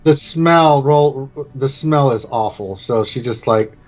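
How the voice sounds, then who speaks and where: A man's voice: mid-range voice, slow, dull audio. A man narrating as game master of a tabletop game, in a loose, rambling way.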